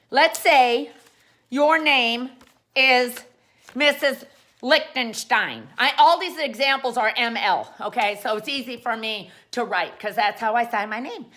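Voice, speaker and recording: A woman's voice: on the high side, a bit bright. A woman hosting a comic how-to show, playful and rambling, full of jokey asides. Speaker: host.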